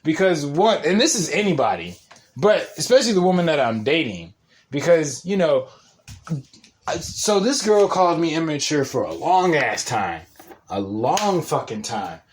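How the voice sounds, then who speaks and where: A man's voice: fairly high pitch, very animated, normal speed. A young man giving a casual, profane, rambling monologue and laughing often. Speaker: podcast host.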